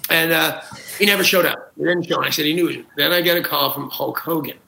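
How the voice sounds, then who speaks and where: A man's voice: fairly high pitch, fairly even intonation, fast, vocal fry, bright, forceful tone, roomy sound, poor audio. A man, a talk show guest, telling comic anecdotes with gusto, acting out quotes and laughing at his own jokes. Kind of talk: animated comic storytelling.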